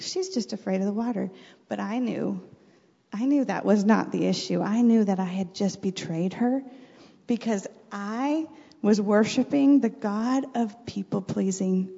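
A middle-aged woman with a mellow voice and a gravelly edge of vocal fry speaks in earnest, faith-centered storytelling, pitched a little high. The sound is dull and washed in long reverb. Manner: earnest, faith-centered, animated when retelling. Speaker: mother and podcast guest. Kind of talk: reflective personal storytelling.

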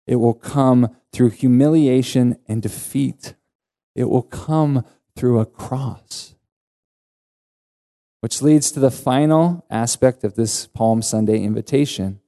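A male pastor delivering an earnest sermon with emphatic rises in pitch. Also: slow pace, dark tone.

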